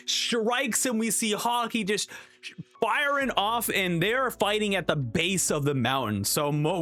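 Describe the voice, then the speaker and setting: Man, casual manga reaction host, slightly high voice, excited, faint background music. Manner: excited, reads dialogue in quick voices. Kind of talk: casual manga reading commentary.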